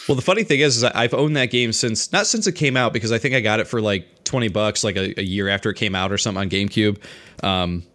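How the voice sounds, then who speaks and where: A man co-hosting a podcast, chatting in a relaxed, casual way. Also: fairly low pitch, fast talker. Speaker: podcast co-host. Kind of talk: casual chat.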